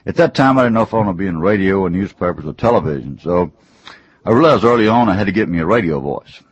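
A man's voice: low-pitched, lively intonation, fast talker, slightly rough, muffled recording. A man from Georgia with a Southern accent, telling folksy joking stories as an interview guest. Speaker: columnist and speaker. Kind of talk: storytelling interview talk.

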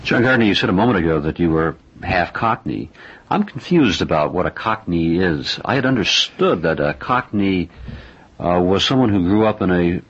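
A male interviewer poses calm, curious questions to his guest. His voice sits very low and is a little husky. The recording sounds dull and lo-fi. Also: moderate pace.

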